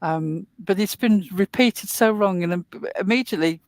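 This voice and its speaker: A woman's voice: medium pitch, normal speed, a little mellow, no echo. A woman hosting a casual online talk show, chatting at length in a rambling way with plenty of fillers. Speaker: host. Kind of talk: casual podcast chat.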